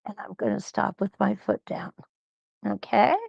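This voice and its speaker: A woman hosting a live quilt-along, talking slowly and reassuringly as she thinks aloud through each stitching step. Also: mid-range voice, level tone, vocal fry, husky, dry recording, muffled recording. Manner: slow, reassuring, thinks aloud while sewing.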